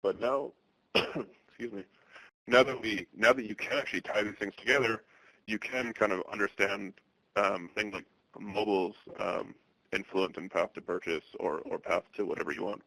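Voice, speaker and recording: Low, bright-toned man presenting a webinar. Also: no echo, poor audio. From Boston area. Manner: halting, many fillers and restarts; monotone delivery.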